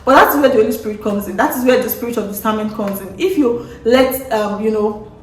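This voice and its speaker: Animated woman telling a story, roomy. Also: a little high, fairly quick, recorded from a distance. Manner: animated, acts out quotes with wailing and laughter. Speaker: vlogger. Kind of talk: casual storytelling to camera. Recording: roomy sound from off-mic.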